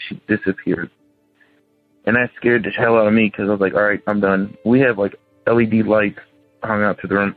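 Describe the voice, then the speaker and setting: A man in his thirties, a caller rambling through a ghost story and acting out the voices of the people in it. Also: lowish voice. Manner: rambling, acts out quoted voices. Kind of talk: casual phone-in storytelling. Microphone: phone. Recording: tinny phone line with faint music.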